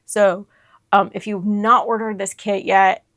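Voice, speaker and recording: Woman host, excitable unboxing vlogger, unhurried delivery, dry close-mic sound. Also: mid-range voice, dry recording. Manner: gushing, breathless excitement with whispered asides. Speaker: crochet channel host.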